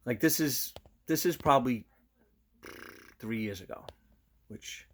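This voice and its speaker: A man, chatting casually to camera as a vlogger and telling stories in an animated way. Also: medium pitch, a little slow, slight background noise. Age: 50s. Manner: animated storyteller, slips into loud quoted voices.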